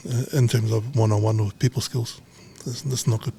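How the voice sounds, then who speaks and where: A man's voice: fairly low pitch, fairly even intonation, normal speed, gravelly, mellow, slight background noise. A middle-aged man talking bluntly in casual chat, swearing freely and rambling. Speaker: podcast guest, businessman.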